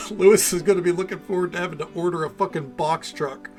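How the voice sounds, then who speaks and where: A man's voice: sits high, fairly even intonation, quick pace, darkish tone, faint music behind. A man streaming a farming game, chatting casually in a laid-back way and swearing now and then. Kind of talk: casual gameplay commentary.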